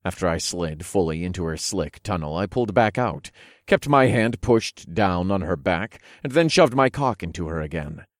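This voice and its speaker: A man narrating an erotic story in the first person, in a low, hushed, unhurried way, recorded close and dry. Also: animated, no room sound.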